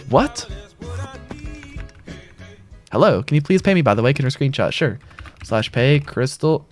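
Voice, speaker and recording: Young man streaming, reading chat aloud. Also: medium pitch. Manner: casual, reads chat aloud and answers it. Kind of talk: live gaming stream chat.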